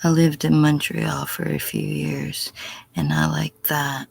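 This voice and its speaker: Gravelly, husky middle-aged woman. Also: deep voice, flat delivery, slow, no room sound. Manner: blunt, profane, slips into whispers. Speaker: livestreamer answering chat. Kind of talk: casual livestream chat.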